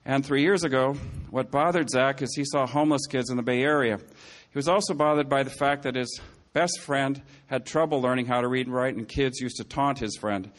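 A man speaking to an audience in a meandering, storytelling way, often stopping to correct himself. His voice sits at an ordinary middle pitch. He slips in dry jokes and asides between his points. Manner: rambling, frequent self-corrections and asides. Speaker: public speaker. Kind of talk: anecdotal speech to an audience.

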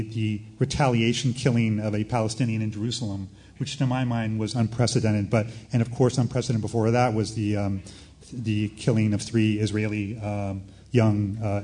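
A man's voice: lowish voice, dark tone. A man moderating a panel, asking a long question with many stops and restarts. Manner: halting, many fillers and restarts. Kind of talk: panel discussion.

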